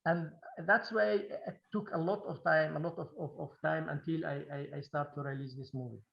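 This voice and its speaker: A man who speaks Kurdish as his first language, a film director answering questions in a halting Q&A, restarting and repeating words often. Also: on the high side, fairly even intonation, gravelly, echoey room, highs cut off. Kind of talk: Q&A interview.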